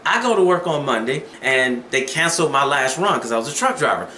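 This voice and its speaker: A man's voice: mid-range voice, expressive, a little fast, sharp tone, roomy sound, slight background noise. A man telling dating advice stories in a casual vlog, preachy and conversational.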